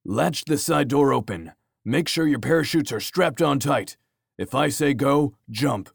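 Guy doing a bossy pilot yelling orders over the noise, pitched up, loud, dry read. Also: lively intonation, unhurried, vocal fry, husky, no room sound, heavily acted. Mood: urgent commanding. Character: commanding male helicopter pilot barking orders.

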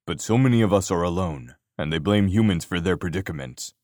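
A man voicing a gruff male bear-shifter clan leader who speaks low and bluntly in an audiobook. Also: lively intonation, a little fast, darkish tone, no room sound, clean studio sound. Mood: grim.

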